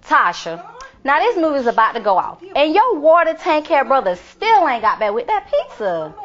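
A woman's voice: high-pitched, sing-song, normal speed, a bit bright. An actress playing a sassy woman who teases about a brother's bad driving. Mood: teasing. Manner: teasing, folksy talk. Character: sassy gossiping woman on the couch. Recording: dull lo-fi film audio.

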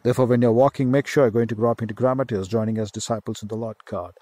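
A man's voice: mid-range voice, fairly even intonation, very fast, dark tone, dry recording. Emphatic male preacher, dry sound. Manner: emphatic, repetitive Bible teaching with Hebrew word studies. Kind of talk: sermon.

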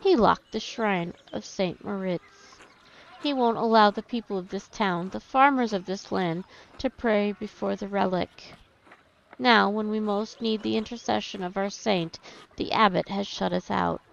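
A woman's voice: mid-range voice, unhurried, creaky. A woman voicing a fiery male village agitator, reading his impassioned speech in a game playthrough. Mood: rousing. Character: fiery male village rabble-rouser, middle-aged. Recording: dull lo-fi stream audio.

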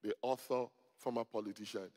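A middle-aged man, a pastor, preaching a sermon to a congregation, telling stories with humor and rising to loud emphatic peaks. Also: medium pitch, fairly even intonation, brisk. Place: church hall before a congregation. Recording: long hall reverb.

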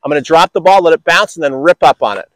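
A man's voice: fairly high pitch, animated, quick pace, a bit bright, no room sound. A man coaching tennis on an outdoor court, upbeat and encouraging with enthusiastic praise.

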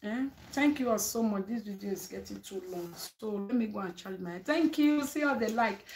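A woman's voice: mid-range voice, normal speed, slight background noise. A woman with a Nigerian accent giving advice straight to her viewers, emphatic and preachy, mixing Pidgin with English. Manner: emphatic, preachy, asks "eh?" for agreement. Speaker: vlogger. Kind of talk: advice monologue.

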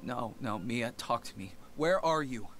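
A man's voice: mid-range voice, animated, a little slow, music in the background, close to an everyday voice. An actor playing a stranded young man in a video game, calling for help over the radio in pleading, panicked bursts. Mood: desperate.

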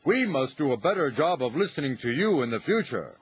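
A man voicing a stern older male railway boss who speaks in a brisk, firm way. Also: mid-range voice, sing-song, slight background noise, lightly acted. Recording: slightly dull TV audio.

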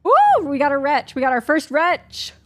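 A woman streaming a video game, reacting excitedly, cursing and laughing and yelping when startled. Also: sits high, moderate pace, a little hiss or hum. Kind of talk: live gameplay reactions.

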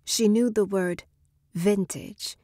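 A woman narrating a short story in a measured, expressive reading. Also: medium pitch, no room sound, studio quality.

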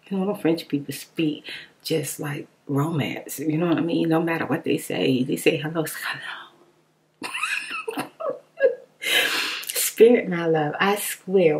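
A woman rambling casually to her viewers in an informal, animated way. She talks expressively and laughs often. Now and then her voice drops into a soft whisper. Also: fairly low pitch. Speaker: ASMR vlogger. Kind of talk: casual rambling chat reading viewer comments.

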